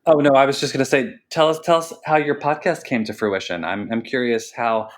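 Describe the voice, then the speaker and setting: A man's voice: mid-range voice, a little fast. A man co-hosting a podcast, chatting casually and with enthusiasm. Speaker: podcast co-host.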